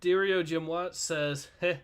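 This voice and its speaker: A man co-hosts a relaxed livestream, reading viewer comments aloud. His voice is bright and slightly raised in pitch. He sounds easygoing and conversational. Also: moderate pace. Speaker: livestream co-host. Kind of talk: casual chat.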